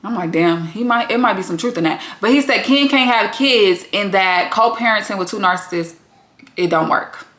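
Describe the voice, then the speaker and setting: A woman's voice: medium pitch, normal speed, a bit bright, reverberant. A woman giving a blunt, sassy, casual recap commentary and swearing freely. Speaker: recap vlogger.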